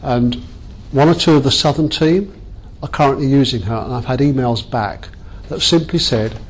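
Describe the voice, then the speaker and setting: A man's voice: medium pitch, normal speed, poor audio. A man leading a workshop training session, chatty and self-mocking as he jokes with the group.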